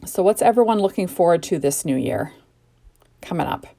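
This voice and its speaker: Middle-aged woman from Canada, lower voice, drowsy and gushing, casual crafting chat. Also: animated, moderate pace, vocal fry, warm tone. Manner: chatty and gushing, rambling asides. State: sleepy, yawning. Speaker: card-making crafter. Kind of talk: casual crafting tutorial narration. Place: home craft desk.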